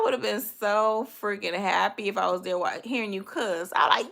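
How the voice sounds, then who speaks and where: A woman's voice: mid-range voice, normal speed, vocal fry, hardly any pauses, fairly bright tone. A young woman from Miami, with a Miami accent, talking bluntly and cussing freely as she rants and chats with viewers on her livestream. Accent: Miami, Southern US. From Miami, Florida. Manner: profane, blunt, trash-talking. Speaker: livestream host. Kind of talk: casual livestream rant to viewers.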